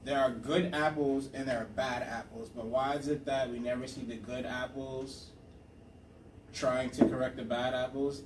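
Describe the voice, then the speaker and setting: A young man co-hosting a casual podcast, joking and talking over his friends. He sits well back from the mic, so his voice sounds roomy and distant, with faint noise behind him. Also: medium pitch. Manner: joking, talks over others, breaks into a mock accent. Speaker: podcast co-host. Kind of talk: casual chat.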